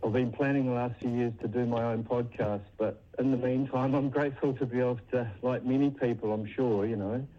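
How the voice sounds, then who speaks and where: A man's voice: medium pitch, fairly even intonation, brisk, few pauses, highs cut off. A man with a New Zealand accent calling a talkback show, rambling and insistent. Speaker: caller. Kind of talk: phone-in call.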